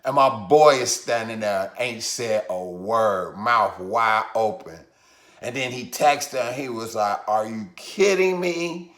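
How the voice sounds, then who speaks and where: A male comedian telling a road story in an animated way, his voice swinging loud and high as he laughs, in a room with echo. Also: unhurried. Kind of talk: comic storytelling.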